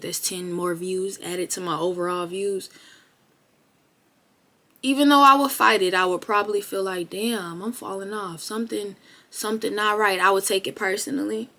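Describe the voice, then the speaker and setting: Blunt, profane young woman vlogger. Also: mid-range voice. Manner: animated, rising to loud bursts. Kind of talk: motivational talk to camera.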